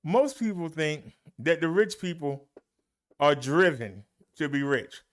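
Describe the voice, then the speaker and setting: A man's voice: a little high, lively intonation, fairly bright tone. A man leading a Bible study as a minister, preaching in an emphatic, folksy way and talking straight to his listeners. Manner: slow, emphatic delivery with long pauses and swooping emphasis.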